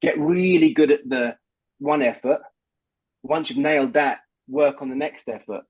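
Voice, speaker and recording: A man's voice: medium pitch, unhurried, slightly rough. A man, a voice coach explaining technique in a casual podcast chat. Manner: animated, explains with examples. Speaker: voice coach guest. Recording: dull, dry, slightly lo-fi.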